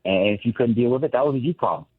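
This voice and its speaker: A man's voice: medium pitch, lively intonation, rapid-fire, dry recording. A former ballplayer, now a broadcaster, talking candidly as a guest on a sports radio show, often restarting his sentences. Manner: candid, reflective, frequent restarts. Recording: tinny phone line.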